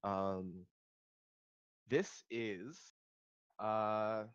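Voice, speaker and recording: A man's voice: lowish voice, drawn-out words, clear, resonant tone, highs cut off. A man narrating a tabletop game as game master, hesitant with many ums and restarts.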